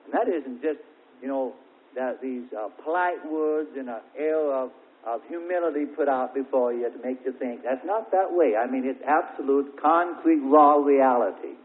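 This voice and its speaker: A middle-aged man preaching an emphatic Pentecostal sermon, his voice swinging between hushed and loud. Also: medium pitch, moderate pace. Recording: tinny phone-like recording.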